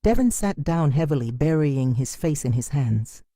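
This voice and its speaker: A woman narrating a dramatic first-person story in a measured, emotional storytelling manner. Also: sits low, animated, warm tone, no echo.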